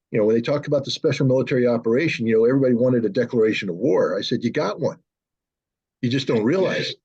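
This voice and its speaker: A man talks bluntly and emphatically, in a husky voice. The audio comes through a muffled, lo-fi call. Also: medium pitch, darkish tone. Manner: blunt and emphatic, mimics politicians in raised voices. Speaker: guest analyst. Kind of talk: conversational political commentary.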